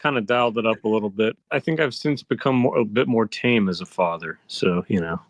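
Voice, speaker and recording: A man appearing as a podcast guest who speaks hesitantly, often restarting his sentences. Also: fairly low pitch. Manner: hesitant, halting. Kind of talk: casual chat.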